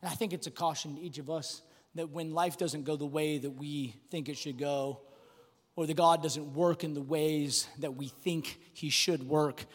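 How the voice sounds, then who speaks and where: A man preaching a sermon, swinging between loud bursts and quiet, hushed drops. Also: fairly high pitch. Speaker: pastor. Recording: long hall reverb with faint music.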